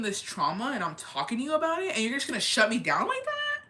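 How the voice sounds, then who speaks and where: A woman's voice: fairly high pitch, very animated, quick pace, sharp tone. A young woman hosting a casual chat where she answers viewer comments. She talks candidly, repeats phrases for emphasis, swears freely and slips Spanish phrases into her English. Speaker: livestream host.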